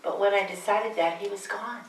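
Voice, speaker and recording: A woman's voice: medium pitch, steady tone, normal speed, a little hiss or hum, close to an everyday voice. A woman performing the aged Virgin Mary as a live character monologue, chatting wryly with the audience. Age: older. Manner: chatty, wry asides to the audience. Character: aged Virgin Mary, wry, homespun storyteller. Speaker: one-woman stage performer. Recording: echoey room, voice from a distance.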